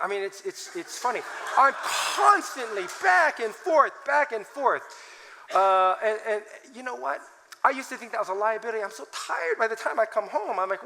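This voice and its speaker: Animated man in his forties, bright voice. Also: sits high, normal speed, in a large hall, rough recording. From United States. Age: 40s. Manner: animated, self-mocking storytelling with laughs. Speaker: conference speaker. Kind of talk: talk with scripture reading.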